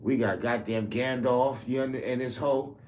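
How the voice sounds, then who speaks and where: A man's voice: medium pitch, steady tone, moderate pace, a little mellow, a little hiss or hum. A man ranting heatedly to camera, profane and rambling. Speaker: commentator. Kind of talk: political rant to camera.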